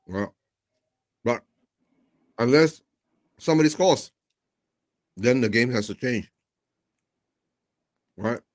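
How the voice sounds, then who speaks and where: A man chatting casually over a video call while watching football, relaxed and quick to laugh. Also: mid-range voice. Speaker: guest co-watcher.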